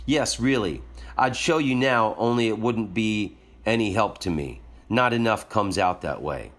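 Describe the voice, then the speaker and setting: A man's voice: fairly low pitch, animated, a little slow, fairly bright tone. A man voicing a weary, plainspoken peasant wet nurse in a read-aloud story. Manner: blunt, plainspoken talk.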